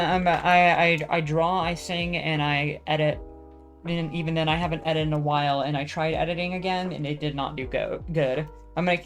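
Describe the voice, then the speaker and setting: Rambling, swearing young woman vlogger. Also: sits low. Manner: rambling, self-deprecating, swears a lot, many fillers. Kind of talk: casual rambling chat.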